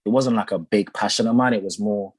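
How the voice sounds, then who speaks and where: Deep husky London man, laid-back chat. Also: fairly quick, dry recording. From North London, England. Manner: laid-back, lots of fillers and repeated starts, laughs often. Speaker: podcast guest, songwriter and producer. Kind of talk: casual conversation.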